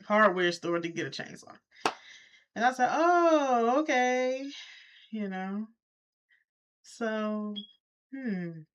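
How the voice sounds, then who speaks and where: A woman, casually telling her viewers a story from her own life, talking straight to them and jumping up in pitch when she quotes people. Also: clear, resonant tone. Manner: animated, talks straight to viewers, jumps high when quoting. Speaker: vlogger.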